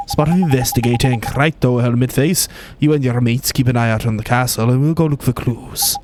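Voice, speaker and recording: A man's voice: mid-range voice, fairly quick, noisy background, natural voice. Drippy, a man doing a Welsh fairy. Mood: cheeky. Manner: chatty, teasing, drops tag questions. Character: cheeky little male fairy sidekick, chatty and boastful. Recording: game music behind.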